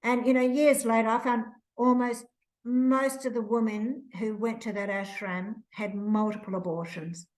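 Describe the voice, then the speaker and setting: Slow-spoken older New woman. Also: on the high side, fairly even intonation, darkish tone, poor audio. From New Zealand. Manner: slow, reflective, emotional retelling with restarts. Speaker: author, interview guest. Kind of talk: personal storytelling.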